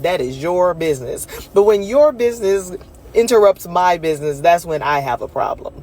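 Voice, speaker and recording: A woman's voice: on the low side, expressive, unhurried, a little mellow, rough recording. A woman rideshare driver ranting in a casual storytime, emphatic and sassy.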